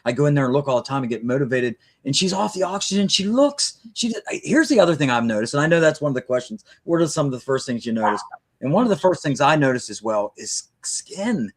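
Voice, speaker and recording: A middle-aged man hosts a live chat over a video call. He talks with eager enthusiasm, restarting his questions and circling back as he goes, in a voice of ordinary middle pitch. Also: big pitch swings, quick pace. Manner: enthusiastic, rambling, many restarts. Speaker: livestream host. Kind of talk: casual interview chat.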